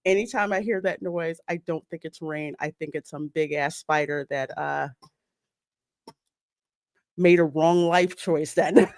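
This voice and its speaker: A woman's voice: sits low, unhurried, dry recording, clean studio sound. A woman hosting a live podcast, chatting casually and telling stories with laughs. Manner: animated, laughing storyteller. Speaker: podcast host. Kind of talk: casual live-stream chat.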